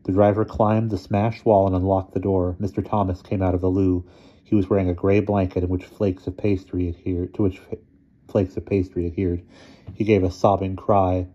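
Deep, husky male storyteller. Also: highs cut off. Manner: measured, steady storytelling. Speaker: narrator. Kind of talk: audiobook reading of a short story.

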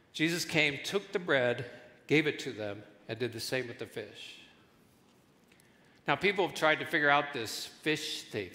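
A man preaching a sermon as pastor, telling stories and acting out voices in his jokes. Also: mid-range voice. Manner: animated storytelling, acts out voices in jokes. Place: large church hall. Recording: reverberant church hall.

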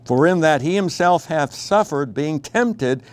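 A man's voice: on the high side, lively intonation, unhurried. A man preaching a radio devotional, earnest and conversational, with frequent fillers and restarts, rising to emphatic pleading when he quotes cries of distress.

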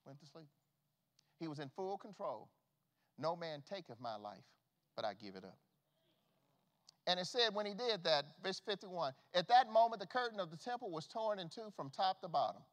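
A man preaching a sermon as pastor, swinging from loud calls to hushed, folksy asides. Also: high voice, sing-song, moderate pace, long pauses. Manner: preaching with big swings from shouts to hushed tones. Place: church sanctuary. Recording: long reverb of a church hall.

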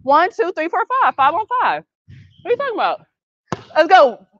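Woman youth basketball coach, high voice, brisk directive calls mixed with patient correction, dull dry lo-fi recording. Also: very animated, no room sound. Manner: patient, gentle correction of the group. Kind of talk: coaching kids during practice.

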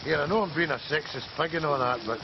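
A leering gossip. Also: male voice, fairly high pitch, quick pace, creaky. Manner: gossipy, nudging. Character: cheeky man leering at a woman. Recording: muffled TV sound with heavy noise.

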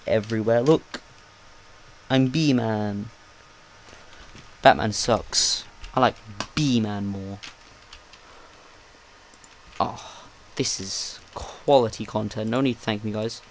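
A man hosting a gaming channel, giving live, excitable and jokey commentary as he plays. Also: lowish voice, a little hiss or hum. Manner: excitable, jokey, talks to himself.

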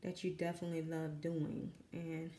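Southern mom talking while she paints, kinda low pitched, dry voice, nervous rambly, roomy echo. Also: little pitch movement, moderate pace, mellow. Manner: rambling, self-conscious, many fillers. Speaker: artist and mother. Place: home room with kids in the background. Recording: echoey room.

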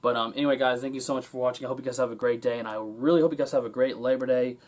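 A man's voice: medium pitch, fairly even intonation, racing, darkish tone. Rambling man in a casual vlog. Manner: rambling, many ums and restarts. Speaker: vlogger.

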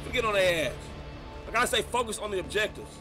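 A man's voice: high-pitched, animated, fast talker, music in the background. A young man commentating gameplay in a put-on country hunter drawl, hyped and brash with trash talk and catchphrases. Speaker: gaming YouTuber.

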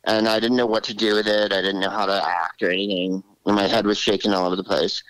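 A man in his sixties, a comedian guest telling animated stories in an interview and slipping into voices. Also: lowish voice, no echo, low-quality recording. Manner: animated, drops into character voices. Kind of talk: storytelling interview.

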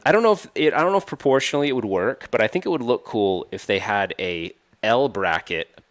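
Low-voiced rambling male co-host. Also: expressive, a little fast. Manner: rambling, self-correcting, laughs often. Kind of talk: casual live-stream chat.

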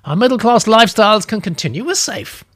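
Man putting on a prim, lazy old lady in falsetto. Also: big pitch swings, moderate pace, fairly bright tone, exaggerated voice. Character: idle gin-soaked older woman office worker, lazy.

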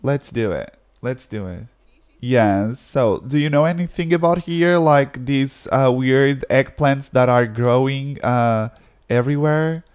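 A man giving casual let's-play commentary, animated, exclaiming and reading game text aloud as he plays. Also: medium pitch, unhurried, clear, resonant tone. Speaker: gaming video creator.

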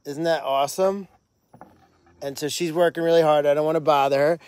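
A man's voice: on the high side, fairly even intonation, a little fast, darkish tone, clear, resonant tone, no room sound. A man hosting a casual live stream outdoors at an animal sanctuary at night, talking with upbeat enthusiasm and plenty of fillers.

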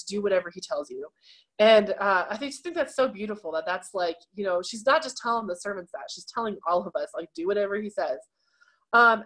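A woman teaching an adult confirmation class, explaining scripture in a relaxed, chatty way with many fillers. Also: mid-range voice. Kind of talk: casual teaching talk on scripture.

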